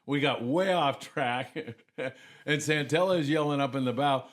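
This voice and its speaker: Man telling animated fishing stories. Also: mid-range voice, moderate pace. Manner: animated anecdotes, acts out voices. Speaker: guest. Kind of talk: casual storytelling.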